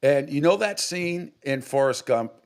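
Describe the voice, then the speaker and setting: A man's voice: on the high side, lively intonation, measured pace, clean tone. A middle-aged man from New England, a sports radio host, telling a rambling story with many restarts and acted-out quotes. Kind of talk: casual storytelling.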